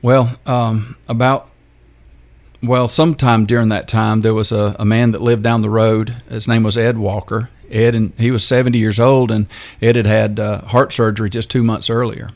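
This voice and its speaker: Older man, gravelly and flat. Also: lowish voice. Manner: halting, unhurried storyteller with many pauses. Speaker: radio show guest. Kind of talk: interview storytelling.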